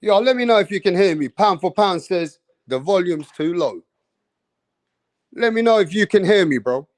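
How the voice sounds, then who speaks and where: Excitable profane man streaming live. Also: high-pitched, fairly quick, dry recording. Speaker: boxing YouTube host. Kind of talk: casual livestream chat.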